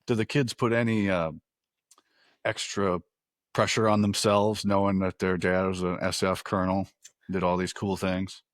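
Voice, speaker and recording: A man hosting a podcast, asking halting, searching interview questions. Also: sits low, flat delivery, no room sound, clean studio sound. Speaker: podcast host.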